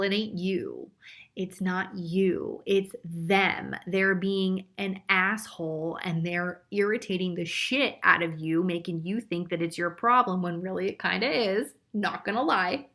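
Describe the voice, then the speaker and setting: A woman's voice: medium pitch, a bit bright. A woman doing a live group psychic reading, blunt and chatty, swearing and laughing often. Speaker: psychic reader.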